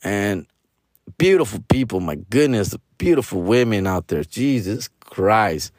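A man in his forties rambles through a casual, profane monologue, his voice worn hoarse and raspy. His voice sits on the low side, he mixes in Spanish slang, and he keeps tacking "fool" onto his lines. The recording is dry, with no room sound. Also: expressive, a little slow, a little mellow, no echo. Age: 40s. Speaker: comedian.

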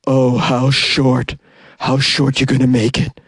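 A man putting on the husky, slow, creepily sweet voice of a woman making prank calls. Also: mid-range voice, completely flat delivery, dry recording, studio quality. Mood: creepy. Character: creepy prank caller, older woman persona.

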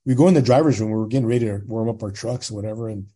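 This man, in his sixties and from California, speaks quite fast with a fairly low voice. He's a guest on a podcast, recounting his own story in a casual, plain-spoken manner and animatedly acting out the lines other people said.

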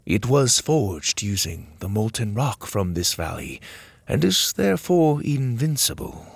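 A man voicing a solemn, wise male servant of light, speaking in a slow and grave way. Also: lowish voice, sing-song, vocal fry, husky, no echo, full character voice.

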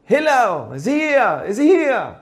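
A loud, insistent troublemaker with a raised, high-pitched voice, yelling and pressing his questions, as a man acts him out in a story. He sounds brash and pushy, well above the storyteller's own pitch. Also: lively intonation, unhurried. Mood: shouting.

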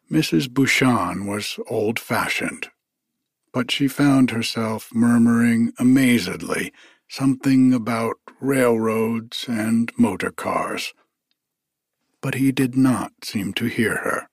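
A man narrating a story in a measured, deliberate reading. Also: lowish voice, breathy edge, no room sound, studio quality.

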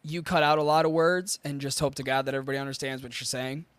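A man's voice: medium pitch, fairly even intonation, fast, a bit bright, dry recording. Blunt, profane man from Michigan. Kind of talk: casual chat.

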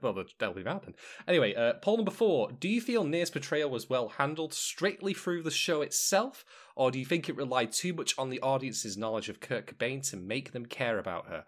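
A man hosting a podcast in casual chat, who rambles with wry jokes and asides. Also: medium pitch. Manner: rambling, wry and joking, many fillers and asides. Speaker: podcast host.

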